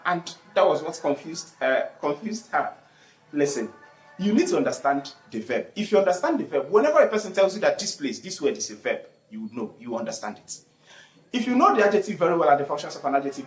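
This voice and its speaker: An English teacher explains grammar with a lively, swooping pitch and repeats the key words. The teacher asks questions and answers them. The voice sounds roomy and echoey, with faint music underneath. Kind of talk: online grammar lesson.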